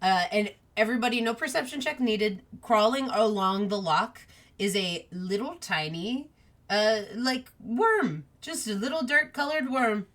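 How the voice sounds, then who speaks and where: A woman narrating a tabletop game as game master, talking in a relaxed, meandering way with lots of fillers. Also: on the high side, measured pace.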